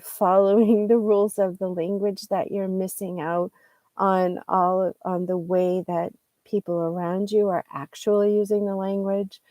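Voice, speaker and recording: A woman teaching English in an unscripted online lesson, explaining slowly and thoughtfully, pausing and correcting herself as she goes. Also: medium pitch, warm tone, no room sound. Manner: slow, thoughtful, explains with pauses and self-corrections.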